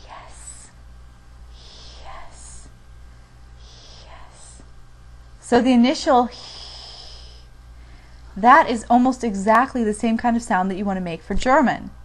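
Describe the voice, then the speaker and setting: Young American woman, fairly high voice, relaxed teacher with lots of fillers. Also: moderate pace. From United States. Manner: chatty, with many fillers. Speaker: language teacher. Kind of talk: casual video lesson.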